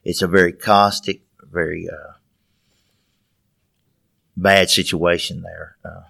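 A man speaking as a guest in an interview, measured and steady, with frequent hesitations. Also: low-pitched, vocal fry, no room sound, clean studio sound. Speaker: guest, father of the subject. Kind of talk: interview answers.

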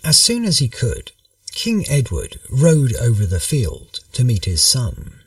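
A man narrating a history story in a measured, storytelling manner. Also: medium pitch, huge pitch swings, no echo, far from the mic.

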